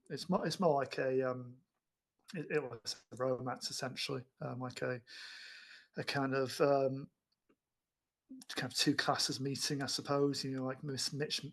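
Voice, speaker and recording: Rambling man talking films. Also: mid-range voice. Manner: rambling, many restarts and fillers. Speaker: film podcast co-host. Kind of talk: casual film discussion.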